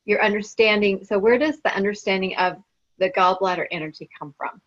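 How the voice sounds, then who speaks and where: A woman hosting an interview, asking short soft-spoken questions. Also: medium pitch, fairly quick. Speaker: summit host interviewer. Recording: dull lo-fi audio.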